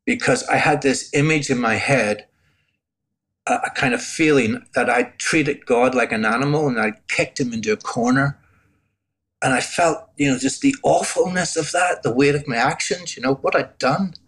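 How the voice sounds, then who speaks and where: An older man with a Northern Irish accent tells his story as an interview guest. His voice sits at a middling pitch, and he talks earnestly and reflectively, often circling back and restarting his sentences. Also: moderate pace, fairly bright tone, breathy edge. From Northern Ireland. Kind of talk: personal testimony in conversation.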